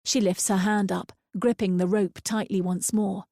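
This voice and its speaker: Woman narrator for a thriller audiobook, measured and quiet, gravelly fry, dry close mic. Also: medium pitch, steady tone, dry recording.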